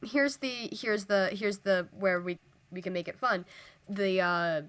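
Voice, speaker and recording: Her voice sits at medium pitch with fairly even intonation, a clean tone, and a touch of brightness, moving a little slowly. Co-hosting a tabletop gaming podcast, this woman eagerly and casually discusses worldbuilding for a fantasy setting, calling herself nerdy and leaning on lots of fillers.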